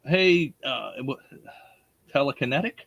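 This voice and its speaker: Chatty Baltimore host, dry close mic. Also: male voice, medium pitch, lively intonation, unhurried, creaky, a bit bright, slightly rough, no echo, highs cut off. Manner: chatty, laughing, greets chat readers by name. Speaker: podcast host. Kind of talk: casual live podcast chat.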